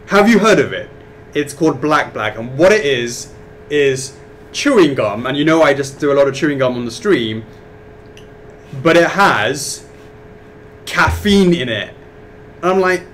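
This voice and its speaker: A man co-hosting a live stream, telling a story in animated, quick bursts. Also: fairly high pitch, a little hiss or hum. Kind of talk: casual chat on a live stream.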